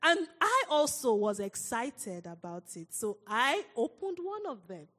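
A woman preaching a sermon, telling a personal story in an animated way and laughing often. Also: fairly high pitch, measured pace, breathy edge, long reverb tail.

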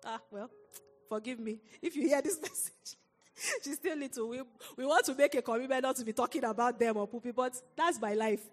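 A woman preaching a sermon, telling a personal story in an animated way and laughing often. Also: on the high side, a little fast, big-room sound, soft background music.

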